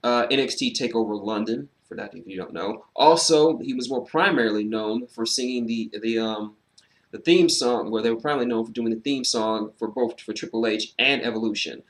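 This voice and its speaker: A man giving a casual, animated solo review of a wrestling show, sarcastic and swearing freely, with frequent fillers. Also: mid-range voice, brisk.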